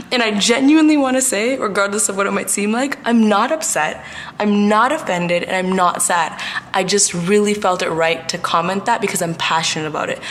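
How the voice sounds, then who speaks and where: A woman's voice: medium pitch, fairly bright tone, slight background noise. Outspoken woman in her twenties ranting. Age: 20s. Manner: outspoken, slangy, emphatic. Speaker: vlogger. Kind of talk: casual vlog rant to camera.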